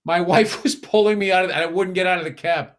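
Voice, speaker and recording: A middle-aged man with a Boston accent who talks in a fairly high register. He co-hosts a casual podcast, and his stories are profane and heated. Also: fast talker. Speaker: podcast co-host. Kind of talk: casual chat.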